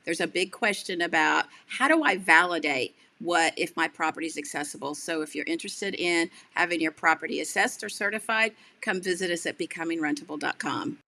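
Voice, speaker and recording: Bright, animated woman telling stories. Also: a little fast, gravelly, few pauses. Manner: lively, acts out quoted voices with big pitch jumps; chatty, self-correcting, many fillers. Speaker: guest, accessibility advocate. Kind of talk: animated storytelling in a podcast interview.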